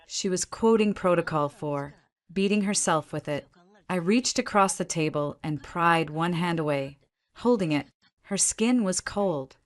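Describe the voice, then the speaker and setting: A woman narrating a first-person story and voicing her own lines, with a measured, even delivery. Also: lowish voice.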